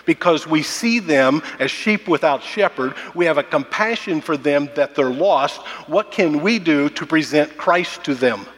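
Male pastor, sermon, somewhat high voice, repeats key lines, long echo of a church hall. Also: animated, a bit bright. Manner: preaching with emphatic repetition, slowing on key phrases.

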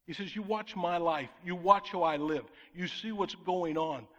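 A man's voice: high voice, normal speed, highs cut off. A man preaching a sermon as pastor, emphatic, with rhetorical questions to the congregation. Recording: long reverb of a large hall.

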